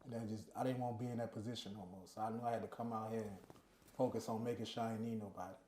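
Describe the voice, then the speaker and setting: Brief: quick-talking man, halting casual speech, roomy echo on the recording. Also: fairly low pitch, steady tone, warm tone, slight background noise. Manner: halting, restarts his sentences. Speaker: guest, former prisoner. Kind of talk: casual interview chat.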